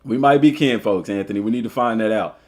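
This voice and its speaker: A man's voice: lowish voice, fast talker. A man with a Southern US accent, a coach streaming live, reading an article aloud and joking with his viewers in casual commentary. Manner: animated and joking, chats with viewers between read passages. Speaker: streamer and school football coach.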